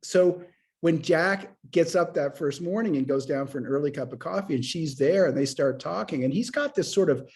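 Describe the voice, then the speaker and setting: A middle-aged man, an author, chatting about his writing and telling stories with lively acted-out dialogue. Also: fairly high pitch, moderate pace. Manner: animated storyteller who acts out dialogue. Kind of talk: conversational author interview.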